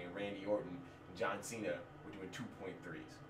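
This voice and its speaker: A frustrated man rants straight to his viewers, swearing freely and restarting his sentences. His voice sits a little low. He sounds set back from the mic in a roomy, echoing space. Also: expressive, fast, hardly any pauses, background noise. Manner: frustrated, profane, rambling with restarts. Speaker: musician venting to viewers. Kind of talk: casual rant to camera. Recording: echoey room, distant from mic.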